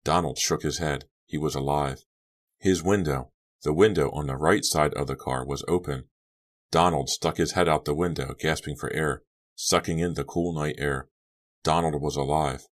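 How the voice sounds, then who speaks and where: Man, audiobook narrator, very deep voice, steady clipped delivery, scripted narration. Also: moderate pace.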